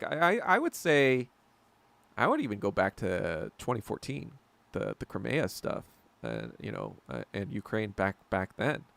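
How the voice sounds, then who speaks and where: A man's voice: on the high side, gravelly, a bit bright, no room sound. A man hosting a casual podcast chat, reading comments and rambling through profane tangents with frequent restarts.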